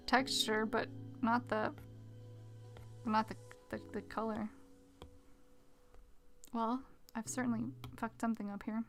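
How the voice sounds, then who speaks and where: A woman streaming her drawing, chatting casually with viewers and muttering quietly to herself as she works at a mic with a pop filter. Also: a little high, flat delivery, takes it slowly, long pauses, soft background music. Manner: chatty, reads chat aloud, mutters quietly to herself while working. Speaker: art streamer. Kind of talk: casual live-stream chat while drawing. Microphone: desk mic with pop filter.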